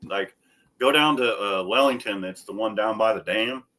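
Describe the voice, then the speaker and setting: His voice is on the low side and his pace moderate as he co-hosts a relaxed chat. He tells stories with plenty of profanity, acting out quoted people in a raised, animated voice.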